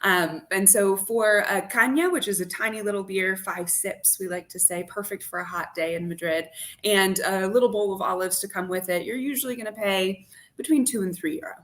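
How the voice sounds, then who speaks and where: A woman talking as a guest on a radio chat, keen and full of lively detail as she describes food and drink. Her pitch sits in the middle range. She sounds like a tour guide who enjoys her subject. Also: moderate pace. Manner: enthusiastic, vividly descriptive. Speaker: wine expert and tour guide. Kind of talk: interview guest.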